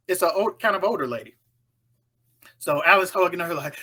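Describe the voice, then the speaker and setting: A woman runs through a horror film's plot in a loose, chatty way. She jumps into the characters' voices as she tells it, and her tone is bright and forceful. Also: lowish voice, fairly quick, pauses often. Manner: animated, acts out the characters' lines. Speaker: storyteller recapping a film. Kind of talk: casual spoken film recap.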